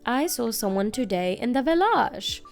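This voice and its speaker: A woman voicing a sneaky, excitable weasel who eagerly tattles. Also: a little high, moderate pace, vocal fry, soft background music. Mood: tattling.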